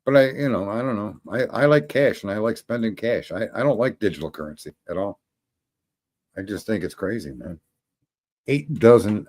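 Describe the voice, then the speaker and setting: Man, casual rant, rambling, swears freely, chuckles at his own jokes, plain mid-pitched voice. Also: a little mellow. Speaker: show host.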